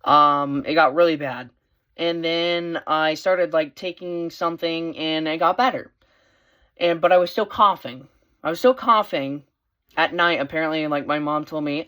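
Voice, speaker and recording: Teen boy, casual vlog storyteller, rambling and animated. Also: on the high side, normal speed. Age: teens. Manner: rambling, with many fillers and restarts; animated, voice rising when excited. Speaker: vlogger.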